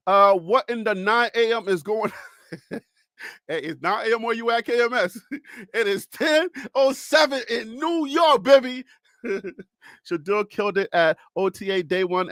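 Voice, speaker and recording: A man with a Liberian accent hosting a sports talk stream, talking fast and energetically as he gives viewers shout-outs. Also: extremely high pitch, dry recording, studio quality. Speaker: sports talk show host. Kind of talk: casual live-stream chat with shout-outs.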